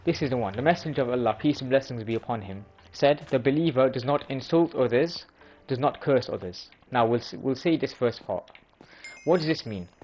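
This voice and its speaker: A man's voice: mid-range voice, animated, fairly quick, a little mellow, rough recording. A man in a mid-range voice explains sayings for his viewers in a casual, unscripted way. He often restarts phrases and corrects himself as he goes. A faint hiss of noise sits under the recording. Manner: informal, restarts and self-corrections. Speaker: religious video host.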